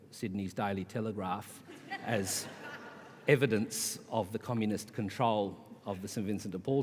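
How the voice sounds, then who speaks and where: A man, a charity leader, giving an impassioned conference speech with rhetorical repetition and wry asides. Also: on the low side. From Australia. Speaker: charity CEO, conference speaker. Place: conference hall. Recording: long hall reverb.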